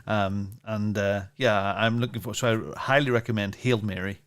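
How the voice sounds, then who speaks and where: A man's voice: fairly low pitch, steady tone, moderate pace, a bit bright, smooth. Chatty man rambling on. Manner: rambling, chatty, many fillers and restarts. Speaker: podcast co-host. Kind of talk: casual chat.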